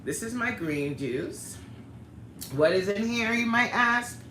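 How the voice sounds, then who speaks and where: A woman's voice: on the high side, lively intonation, slow, fairly bright tone, reverberant, slight background noise. A woman hosting a casual livestream, chatting and reading viewer comments aloud with lots of laughter. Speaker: livestream host. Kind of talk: casual live-stream chat.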